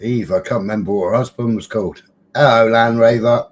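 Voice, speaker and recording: A man's voice: medium pitch, steady tone, brisk. A man hosting a casual livestream, chatting, greeting viewers by name and teasing them with mild swearing. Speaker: livestream host.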